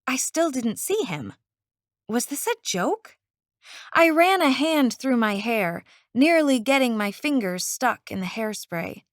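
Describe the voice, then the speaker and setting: A woman narrating a first-person novel audiobook in an expressive, unhurried way. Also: a little high, no echo, clean studio sound.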